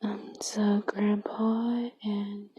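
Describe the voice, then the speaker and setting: A young woman from Minnesota commenting on her gameplay in a soft-spoken manner, often dropping to a whisper and reading game text aloud. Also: mid-range voice, little pitch movement, extremely slow, breathy edge, no room sound, muffled recording. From Minnesota, USA. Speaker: gamer.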